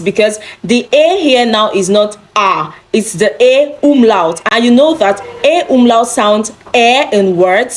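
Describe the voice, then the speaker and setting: A woman's voice: fairly high pitch, animated, slow pace. A woman teaching a beginner German lesson, repeating each word several times for the learner.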